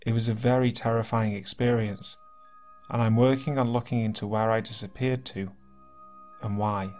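A man reading submitted horror stories aloud as narrator, in steady, earnest storytelling. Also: fairly low pitch, normal speed. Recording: faint music behind.

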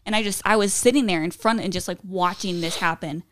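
A woman's voice: mid-range voice, brisk, fairly bright tone. A woman on a casual podcast telling personal stories, rambling with lots of "like" fillers. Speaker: podcast co-host. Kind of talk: casual storytelling chat.

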